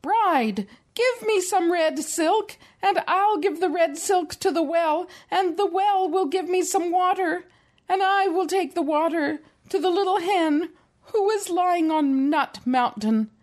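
A woman's voice: very high voice, measured pace, a little mellow, pitched above the performer's own voice. A woman voicing a frantic little rooster who pleads urgently for help, as she reads a storybook aloud. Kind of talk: storybook reading.

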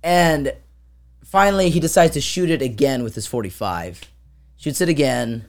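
This woman's voice is very deep and animated, moving at a moderate pace. Co-hosting a relaxed conversation, she rambles through a lengthy tale, leaning on fillers and performing sound effects as she goes.

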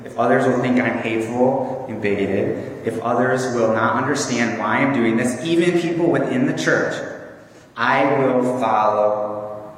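A man's voice: medium pitch, unhurried. A man preaching a sermon in an earnest, conversational way with small fillers. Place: church hall. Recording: echoey hall from far off.

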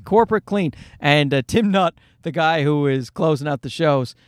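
A man's voice: fairly high pitch, moderate pace, no echo, studio quality. A middle-aged man, a comedian, telling a rambling, self-deprecating story in casual monologue and swearing freely. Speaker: comedian and podcast host.

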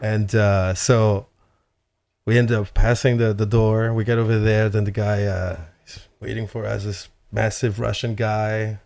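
A man telling a story in a casual chat, animated and swearing freely, with lots of "like". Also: fairly low pitch, unhurried, vocal fry. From Chile. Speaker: guest telling a travel story.

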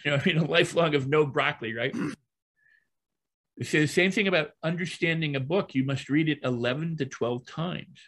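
An older man, a guest trainer and hypnotist, teaching through stories in a lively conversational way and repeating phrases as they build. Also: on the high side, fairly quick.

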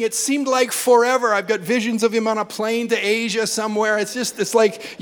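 An older man preaching a sermon, telling funny family stories and building to loud, impassioned appeals. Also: high voice, a little fast, few pauses, clear, resonant tone. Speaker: pastor. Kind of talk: sermon with humorous storytelling.

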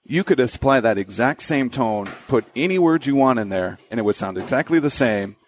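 A young adult man, a sports broadcaster and voiceover announcer, talks through his career in a relaxed way, with many fillers and restarts. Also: medium pitch, fairly quick, a little hiss or hum. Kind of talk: conversational interview.

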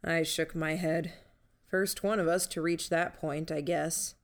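A woman narrating a first-person novel in a measured, steady reading. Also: low voice. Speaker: audiobook narrator.

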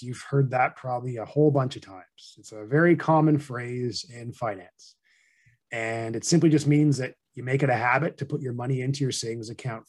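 This is a middle-aged man, speaking at an ordinary mid pitch. He explains saving habits like a patient advisor, steady and a bit monotone, in relaxed conversational podcast talk. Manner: monotone, plain-spoken explainer. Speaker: financial advisor guest. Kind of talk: casual podcast interview.

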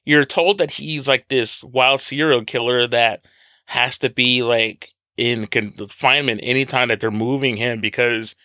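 A man co-hosting a casual film review podcast, animated and joking, with playful mock impressions. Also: medium pitch, measured pace, no room sound, clean studio sound. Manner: animated, laughs often, does mock impressions. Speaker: podcast co-host.

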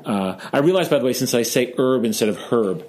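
A man's voice: mid-range voice, expressive, brisk, darkish tone, slight background noise. A man from Chicago hosting a casual discussion, talking in a chatty, joking way and retelling a story. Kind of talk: casual discussion of Jewish texts.

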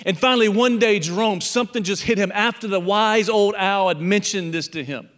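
A male pastor delivers a sermon with a notably high voice, spinning a parable and slipping into the voices of its animal characters. His words ring out with the long reverb of a large church hall. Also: fairly quick, a bit bright.

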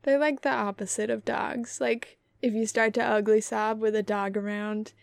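Playful high-voiced woman podcaster. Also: little pitch movement, normal speed, vocal fry, no echo, clean studio sound. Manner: jokey, playfully dramatic. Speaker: podcast co-host. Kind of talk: casual chat.

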